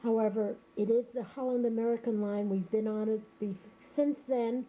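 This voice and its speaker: An older woman from Germany, recounting her memories in a reflective, unhurried oral history interview. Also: a little high, fairly even intonation, warm tone, poor audio.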